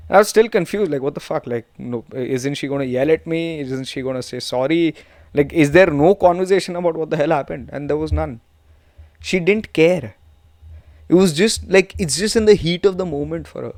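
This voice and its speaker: A man's voice: fairly high pitch, moderate pace, darkish tone, no echo, clean studio sound. A young man with an Indian English accent, telling a profane, rambling story as a podcast host and slipping into Hindi and Gujarati. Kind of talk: casual storytelling monologue.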